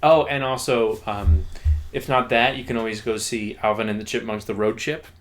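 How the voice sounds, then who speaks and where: A young man co-hosting a podcast, chatting casually in a relaxed, matter-of-fact way with wry jokes. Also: fairly low pitch, normal speed. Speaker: podcast co-host. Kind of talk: casual chat.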